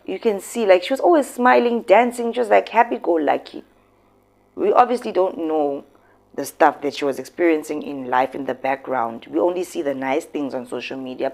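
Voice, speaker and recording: A woman's voice: lowish voice, gravelly. A South African woman hosting casual commentary, talking expressively and emphatically. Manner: expressive, emphatic, switching into local words. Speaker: commentary host.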